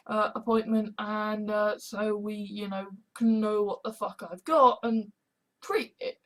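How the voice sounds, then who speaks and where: A man's voice: high voice, a little slow, pushed and bright, low-quality recording. Swearing, rambling young man. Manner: profane, rambling, with frequent restarts. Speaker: amateur sermon vlogger. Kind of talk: rambling monologue clips.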